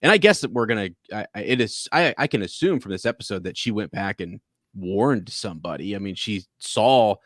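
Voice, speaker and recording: A man's voice: fairly low pitch, animated, a little fast, a bit bright, no echo, studio quality. A man co-hosting a podcast, chatting casually about a TV episode, rambling with many restarts. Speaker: podcast co-host. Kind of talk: casual TV review chat.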